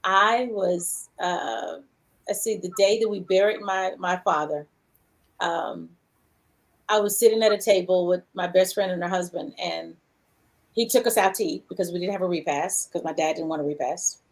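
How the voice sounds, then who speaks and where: A woman hosting a talk show chats casually at a moderate pace, telling stories. She's an animated storyteller who acts out quotes with big jumps in pitch.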